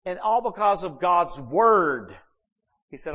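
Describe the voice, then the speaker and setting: Animated preaching man. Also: slow, breathy edge, muffled recording. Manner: animated storytelling, swinging pitch and volume. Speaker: pastor. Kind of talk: sermon.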